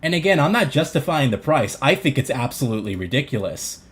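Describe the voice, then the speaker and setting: A man's voice: medium pitch, very animated, brisk. A man hosting a livestream, ranting in an exasperated, sarcastic way, swearing and restarting his sentences while answering chat. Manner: reads chat comments aloud and answers them. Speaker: livestream host reacting to a console reveal. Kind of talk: casual livestream rant.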